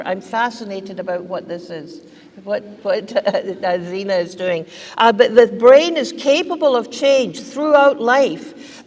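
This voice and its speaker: Slow-speaking woman giving a keynote. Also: on the high side, long reverb tail. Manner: conversational, repeats key phrases for emphasis. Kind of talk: conference keynote talk to parents.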